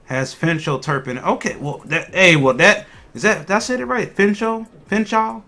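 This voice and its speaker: Lively, bright-voiced male livestream host. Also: a little high, brisk. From Ohio. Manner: animated, laughing, talks to chat. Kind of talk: casual livestream chat.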